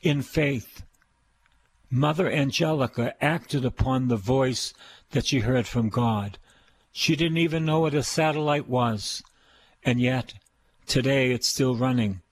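A man's voice: mid-range voice, husky, no room sound. An older man with a Boston accent, preaching a radio sermon in an emphatic, repetitive style. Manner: repetitive, emphatic preaching with call-and-response praise.

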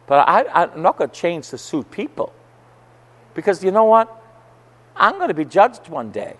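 A male Catholic priest preaching a sermon, telling stories emphatically and rising to forceful outbursts. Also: high voice, big pitch swings, moderate pace. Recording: long church hall reverb.

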